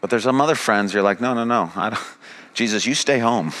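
A man's voice: lowish voice, a little fast, fairly bright tone. A man preaching a sermon, paraphrasing Jesus and building to a pressing, rising delivery. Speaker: pastor.

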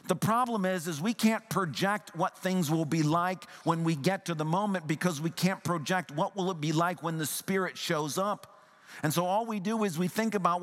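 A man preaching a sermon as pastor, swinging from raised, emphatic passages to hushed, tender ones. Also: high-pitched, moderate pace, in a large hall.

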